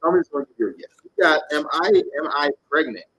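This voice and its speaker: A man's voice: on the high side, lively intonation, fast, pushed and bright, a little hiss or hum, low-quality recording. A man giving live tarot readings to viewers, talking bluntly, animatedly and with casual swearing. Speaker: tarot reader.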